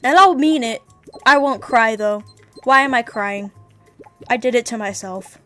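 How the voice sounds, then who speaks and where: Woman VTuber, candid, rambling, curses freely, slightly high voice, faint music under. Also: a little slow, pushed and bright. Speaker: VTuber streamer. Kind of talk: casual livestream chat.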